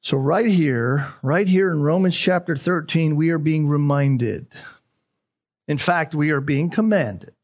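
A man's voice: on the high side, a little slow, a little mellow. A man preaching a sermon as a pastor, emphatic, repeating key phrases and asking rhetorical questions.

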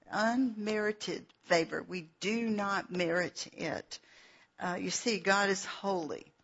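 Woman preacher, slow and earnest, husky voice, lo-fi dull recording. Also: on the low side. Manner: unhurried, explains verses with asides and fillers. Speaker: Bible teacher. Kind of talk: slow, earnest sermon with scripture reading.

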